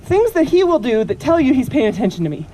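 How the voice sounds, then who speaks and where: A woman's voice: sits high, sing-song, fast talker. A woman horse trainer giving a live teaching demonstration outdoors. She explains her method and coaxes the horse between her points. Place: outdoor horse pen at a camp. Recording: noisy outdoor recording.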